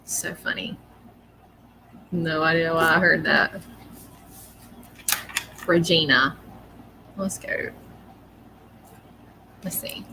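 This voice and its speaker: A woman's voice: sits low, steady tone, extremely slow, creaky, long pauses, background noise. A woman giving psychic readings on a livestream, chatty, rambling and often apologetic. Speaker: psychic reader.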